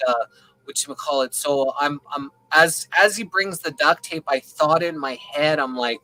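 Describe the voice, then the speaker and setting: A man telling a long, rambling story in casual conversation on a video call, keeping it animated and often checking in with the listener. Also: on the high side, moderate pace, low-quality recording. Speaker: open panel participant.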